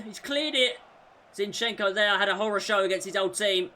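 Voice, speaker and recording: A man commentating on his own football video game career mode, shouting at goals and groaning at defensive mistakes. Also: high voice, moderate pace. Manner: excitable, shouts at big moments, groans at mistakes. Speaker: gaming YouTuber.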